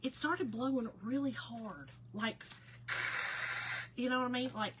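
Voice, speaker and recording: A woman hosting a casual livestream, telling a story to her viewers in an animated way and often breaking into laughter. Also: fairly high pitch, measured pace, a little hiss or hum. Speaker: livestream host.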